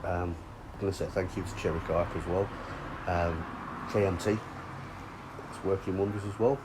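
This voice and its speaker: A man's voice: sits low, steady tone, moderate pace, background noise. A man chatting casually outdoors by a fishing lake, with sweary, teasing banter. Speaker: angler and vlog host. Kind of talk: casual chat.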